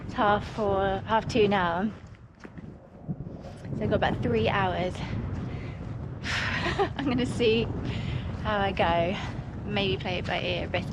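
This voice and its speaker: Woman, outdoor hiking vlog, unhurried chatty talk, handheld mic, clear wind and outdoor noise. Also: medium pitch. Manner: chatty, laughs often. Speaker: solo hiker vlogging. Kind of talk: casual spoken vlog on the trail.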